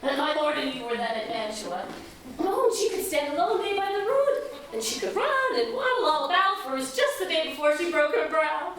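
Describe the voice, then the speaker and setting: A woman's voice: high voice, very animated, fairly quick, a bit bright, a little hiss or hum. A woman playing a chattering old nurse who rambles and laughs often, in a stage play. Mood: fond rambling. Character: chattering old female nurse, bawdy and fond. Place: theater stage. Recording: echoey stage miked from far off.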